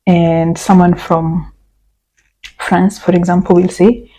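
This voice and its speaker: A woman's voice: on the low side, level tone, takes it slowly, warm tone, slight background noise, rough recording. A woman from Kenya teaching a beginner French lesson, patiently explaining and repeating example phrases step by step. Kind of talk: language lesson.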